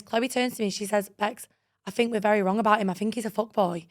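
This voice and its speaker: A woman's voice: medium pitch, fast talker. A woman in her twenties co-hosting a podcast, telling a dating story in casual chat, full of "like" and acting out what people said. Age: 20s. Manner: animated, full of "like", acts out quoted dialogue. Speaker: podcast co-host.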